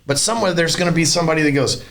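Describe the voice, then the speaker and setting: A man's voice: fairly high pitch, rapid-fire, gravelly, fairly bright tone. Blunt, profane man hosting a podcast. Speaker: podcast host. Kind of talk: casual podcast chat.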